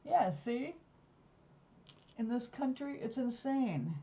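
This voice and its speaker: A woman talks in a loose, wandering way, drifting from one story to the next. Her voice is mellow and soft-edged. The recording sounds a little dull and lo-fi. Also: a little high, very animated, takes it slowly. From New York. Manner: rambling, digressive storytelling. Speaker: vlogger. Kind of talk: casual chat.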